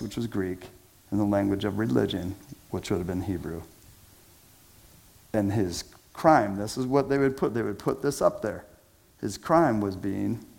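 A man preaching a sermon as pastor, casual and conversational with slang, swinging between loud emphasis and hushed low phrases. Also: vocal fry.

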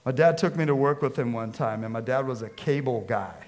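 A man, a pastor from the Seattle area, preaching a sermon with lively storytelling and acted-out quotes. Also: medium pitch, fairly quick. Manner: storytelling, animated, acts out quotes.

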